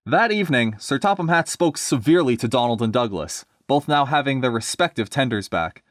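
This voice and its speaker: A man hosting a casual read-and-review show, chatty and full of fillers and swearing. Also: a little high. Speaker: host reading and reviewing fan fiction. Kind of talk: casual review and reading aloud.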